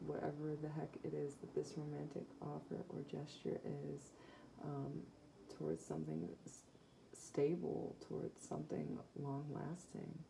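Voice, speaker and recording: A woman's voice: low-pitched, gravelly, mellow, a little hiss or hum, low-quality recording. A woman giving a casual, rambling psychic tarot reading to her viewers, with many fillers. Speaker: tarot reader.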